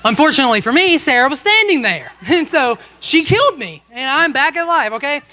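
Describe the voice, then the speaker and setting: High, bright-voiced pastor telling a funny story. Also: male voice, big pitch swings, fairly quick. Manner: humorous, self-mocking storytelling with frequent "okay?" asides to the congregation. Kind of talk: storytelling sermon. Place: church service.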